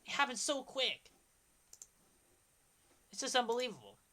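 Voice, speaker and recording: A young man in his twenties on a casual livestream, talking excitedly and rambling, often trailing off. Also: extremely high pitch, a little slow. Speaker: streamer.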